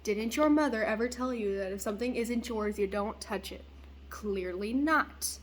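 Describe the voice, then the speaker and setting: A woman's voice: a little high, normal speed, slight background noise. A young woman venting bluntly in a casual vlog, swearing freely as she rants. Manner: blunt, profane, ranting. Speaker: vlogger.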